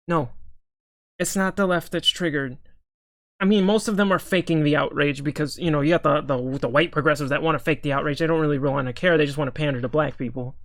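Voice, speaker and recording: A man's voice: on the high side, a bit bright, dry recording, studio quality. A young man giving heated reaction commentary on a video, often stammering and repeating words. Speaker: political commentator.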